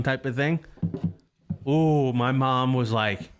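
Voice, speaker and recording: Young man, rambling storyteller, casual podcast chat, mid-pitched voice. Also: slow, long pauses, a bit bright. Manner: rambling, profane storytelling with restarts.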